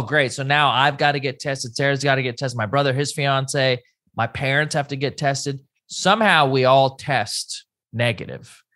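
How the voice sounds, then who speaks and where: A man's voice: medium pitch, sharp tone. Casual man telling a story on a podcast. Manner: conversational, quotes people in a play-by-play retelling. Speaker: podcast co-host.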